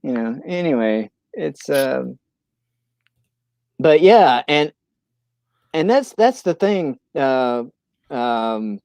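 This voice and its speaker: A man's voice: mid-range voice, very animated, very slow, gravelly, pauses often, darkish tone, no room sound. A man from Missouri hosting a casual livestream chat, rambling with lots of fillers and restarts. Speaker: livestream host.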